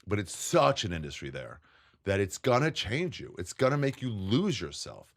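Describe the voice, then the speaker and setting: A man, a guest comedian, chatting casually on a podcast, swearing freely and acting out what other people said. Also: normal speed. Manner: profane, animated, jumps pitch to act out quotes.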